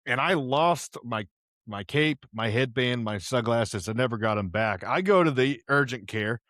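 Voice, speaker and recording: A man's voice: mid-range voice, lively intonation, moderate pace, fairly bright tone, no echo. Young man, from Houston, rambling slangy storyteller, podcast host, dry close recording. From Houston, Texas. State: partly deaf in one ear, wearing headphones. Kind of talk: casual storytelling monologue. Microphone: headphones on, close mic.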